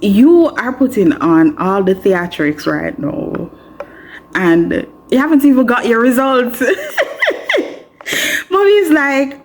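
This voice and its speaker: A woman with a Jamaican accent, a law student who vlogs, tells candid stories to the camera. She is chatty, expressive, frank and self-mocking, with a fairly high pitch, a slow pace and long pauses.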